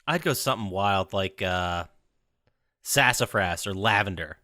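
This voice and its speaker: A man's voice: sits low, measured pace, sharp tone, no echo, studio quality. A man co-hosting a casual podcast, playfully quizzing his friends with would-you-rather questions. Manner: playful, quizmaster-like.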